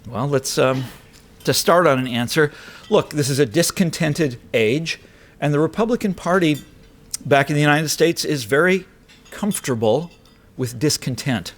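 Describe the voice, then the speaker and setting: A man's voice: a little high, expressive, moderate pace. A man delivering a political address to an audience, emphatic and rhetorical, with wry asides. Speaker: speaker. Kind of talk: political speech. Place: lecture hall.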